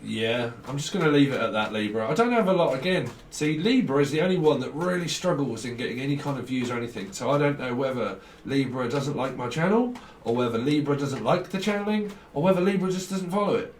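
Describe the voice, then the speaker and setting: A man with a mid-range, animated voice talks fast and barely pauses during a casual tarot reading, chuckling frequently as he rambles between associations. The distant mic yields a roomy, off-mic sound with faint hiss.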